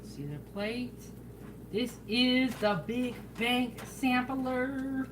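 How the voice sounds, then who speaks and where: A woman hosting a casual home cooking vlog, chatting in a relaxed way and talking straight to her viewers. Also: a little high, extremely slow, background noise. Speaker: home cooking show host. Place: home kitchen.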